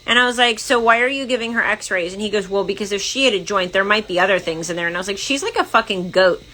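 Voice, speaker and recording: A woman chatting casually about her dogs, telling animated stories, acting out what people said and swearing freely. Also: medium pitch, fast talker, poor audio. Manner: animated storyteller, acts out quotes, swears freely. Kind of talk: casual chat.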